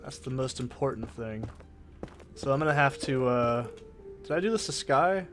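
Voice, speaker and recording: A man's voice: mid-range voice, animated, moderate pace, fairly bright tone, soft background music. A man with a Southern Oregon accent rambling casually and swearing freely while narrating his gameplay, recorded on a desk mic in a soundproofed home corner. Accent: Southern Oregon, Pacific Northwest. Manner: rambling, profane, opinionated. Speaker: let's play host. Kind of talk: casual gaming commentary. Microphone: desk condenser mic with pop filter.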